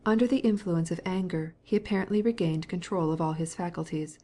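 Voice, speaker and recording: A woman narrating a classic novel as an audiobook, in a measured, soft-spoken reading. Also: lowish voice. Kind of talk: scripted narration.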